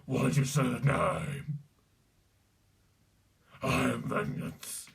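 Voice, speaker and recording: A man voicing a grim masked male vigilante with a gravelly, throaty growl. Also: medium pitch, animated, slow, far from the mic. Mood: menacing.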